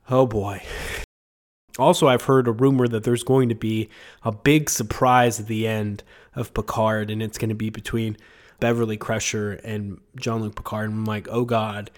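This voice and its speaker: A man's voice: mid-range voice, a little mellow. A man hosting a podcast in casual chat, talking with a sick, congested voice and rambling with many fillers and chuckles. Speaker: podcast host.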